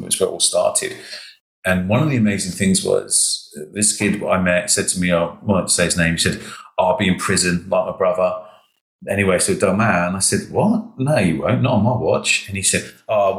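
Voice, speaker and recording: A man, an education consultant telling stories in a podcast interview, animated and acting out the dialogue. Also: sits low, reverberant, rough recording. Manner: animated, emotional storytelling, acts out quoted dialogue.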